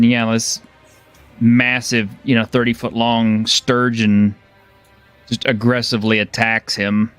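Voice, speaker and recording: A man narrating as game master of a tabletop game, relaxed and chuckling, with lots of fillers. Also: mid-range voice, smooth.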